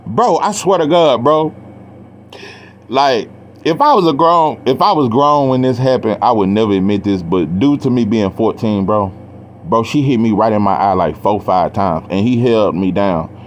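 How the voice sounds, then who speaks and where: A man's voice: on the low side, expressive, normal speed, a little hiss or hum. A young man casually telling a profane story, acting out the quotes in a raised voice. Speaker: storyteller guest.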